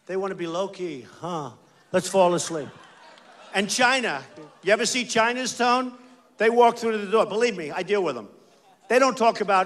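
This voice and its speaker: A man's voice: sits high, expressive, normal speed, pauses often, a bit bright. A man in his sixties from the United States, giving a rambling, emphatic campaign rally speech on a stage mic. He repeats phrases and talks straight to the crowd. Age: 60s. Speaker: political candidate. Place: large rally venue.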